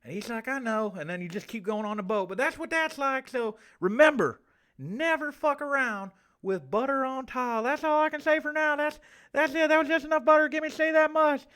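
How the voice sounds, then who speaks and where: A high, lisping southern ghost. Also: male voice, fairly quick, pushed and bright. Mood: campy. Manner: high, campy, lisping put-on voice.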